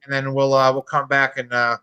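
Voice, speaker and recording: A man's voice: medium pitch, completely flat delivery, fairly quick, pushed and bright, clear, resonant tone, lo-fi sound. A man in his thirties co-hosting a podcast, chatting casually and telling a rambling, profane story. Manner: rambling storyteller, swears freely. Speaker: podcast co-host. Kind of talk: casual chat.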